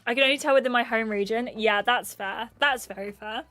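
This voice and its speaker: A woman's voice: a little high, pushed and bright, no room sound, soft background music. A young woman with an English accent, chatting casually with her livestream viewers and reading their comments aloud in a bubbly, talkative way. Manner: bubbly and chatty, quick laughs and gasps. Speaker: gaming streamer.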